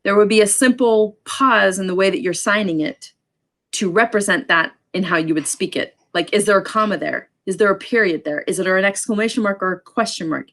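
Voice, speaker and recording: A woman teaching a sign language class, explaining in a casual way with many ums and quick asides. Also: medium pitch, a bit bright. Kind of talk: casual online class lecture.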